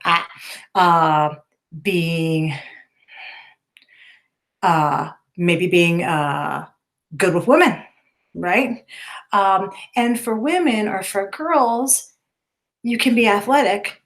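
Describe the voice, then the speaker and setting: A middle-aged woman teacher giving a recorded lecture to students in a conversational way, with many fillers and tag questions. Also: on the low side.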